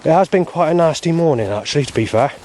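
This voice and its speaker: A man's voice: a little high, expressive, quick pace, a little mellow. A man, rambling in an aggrieved personal monologue, swearing often and restarting his sentences. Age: 40s. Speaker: vlogger.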